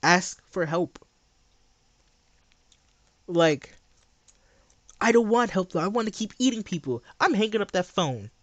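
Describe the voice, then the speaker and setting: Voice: mid-range voice, expressive, a little slow, long pauses, no room sound, lo-fi sound. A livestreamer ranting to chat in a blunt, sarcastic, exasperated way, repeating phrases for emphasis.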